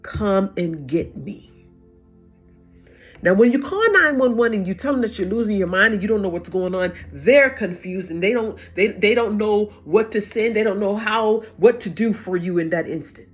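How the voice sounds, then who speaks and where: Middle-aged woman, breathy husky voice, halting personal testimony over faint music. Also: medium pitch. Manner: halting, repeats words, restarts sentences. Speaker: vlogger sharing a personal story.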